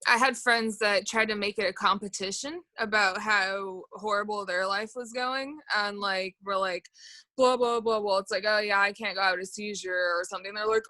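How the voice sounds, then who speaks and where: Young woman, bright forceful voice, dry close sound, animated storyteller in a group chat. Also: mid-range voice, moderate pace, no room sound. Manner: animated, acts out quoted people. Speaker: support group member.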